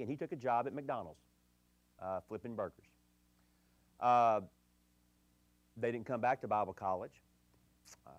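A man's voice: no echo, highs cut off. Earnest man preaching, dry close sound. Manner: earnest storytelling, drops low and quiet in sad parts. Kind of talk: sermon on marriage and dating.

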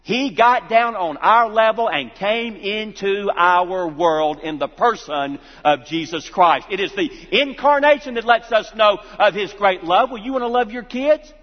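A man's voice: high-pitched, a little slow, hardly any pauses. Male pastor, sermon, emphatic, repeats lines, dull lo-fi sound, long echo. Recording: reverberant hall, dull lo-fi sound.

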